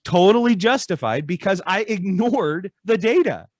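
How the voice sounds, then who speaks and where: A man's voice: high voice, expressive, normal speed, a little mellow, no echo. A man speaking as a podcast guest, explaining ideas in a conversational way and acting out little dialogues with changing voices.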